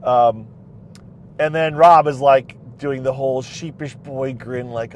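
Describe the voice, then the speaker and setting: A man's voice: medium pitch, slow. A man talks loosely from the driver's seat of his car, circling back and restarting his sentences as he goes. His voice sits in an ordinary middle range. A faint hum of road noise runs underneath. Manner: chatty, rambling, many restarts and fillers. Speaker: recap vlogger. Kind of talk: casual rambling recap. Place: inside a car.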